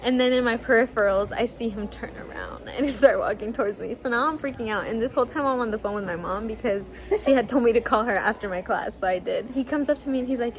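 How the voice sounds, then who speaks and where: A woman's voice: on the high side, fast talker, few pauses. A young woman telling a story in casual chat, full of fillers and acted-out quotes. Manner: chatty, lots of "like", acts out quotes. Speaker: vlog co-host.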